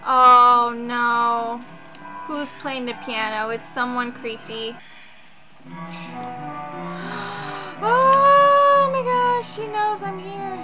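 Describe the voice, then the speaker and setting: A woman's voice: on the high side, lively intonation, takes it slowly, pauses often. A woman streamer reacting to a horror game, jumpy and exclaiming, talking to herself as she plays. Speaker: gaming streamer. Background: game music.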